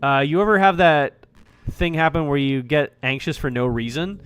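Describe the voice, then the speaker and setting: A man's voice: on the high side, normal speed, fairly bright tone, clear, resonant tone. A man streaming a visual novel, joking and talking to the game character as he plays. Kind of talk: casual gameplay commentary.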